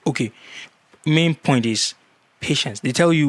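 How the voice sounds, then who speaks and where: A man's voice: a little high, animated, a little slow. A man giving earnest marriage advice in a casual vlog, repeating key words for emphasis.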